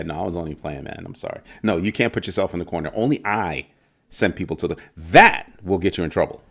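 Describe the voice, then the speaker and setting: Playful low-voiced man hosting a crypto stream. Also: gravelly. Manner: playful, teasing, greets chat viewers by name. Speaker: crypto livestream host. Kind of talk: casual livestream chat. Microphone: desk microphone.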